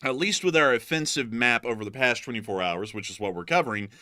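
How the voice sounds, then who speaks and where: A man hosting casual war news commentary, joking and animated as he talks. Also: medium pitch, quick pace, dry recording, clean studio sound. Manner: joking, animated, drops into mock voices. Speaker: host.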